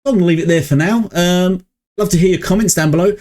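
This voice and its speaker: A gaming vlogger talks through his casual opinions at home on a cheap mic, his voice high, quick and slightly mellow. He rambles and hesitates, piling on fillers and chuckling between points.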